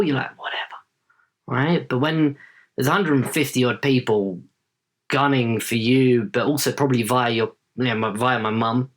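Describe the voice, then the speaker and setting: A man in his late thirties talks as a podcast guest in a relaxed, rambling way. His pitch sits in the middle range. He keeps checking in with "right?" as he tells his story. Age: late 30s. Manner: chatty, tags sentences with "right?". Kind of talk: casual interview storytelling.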